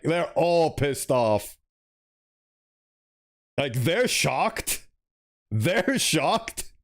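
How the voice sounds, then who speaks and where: A young man streaming as a VTuber, giving animated, casual game commentary and swearing freely. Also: mid-range voice.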